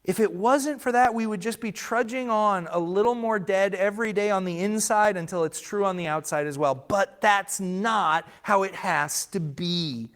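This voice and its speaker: A man's voice: high voice, moderate pace, hardly any pauses, fairly bright tone. A man preaching a sermon as pastor, earnest and emphatic, sometimes restarting words mid-phrase. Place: church sanctuary.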